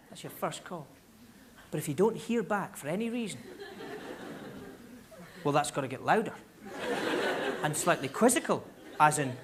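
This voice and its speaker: Animated Scottish stand-up comedian on stage. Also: male voice, on the high side, normal speed, long pauses. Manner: animated storytelling with loud shouted impressions. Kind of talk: stand-up storytelling. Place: large concert hall stage. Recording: live theatre audience laughter, noisy.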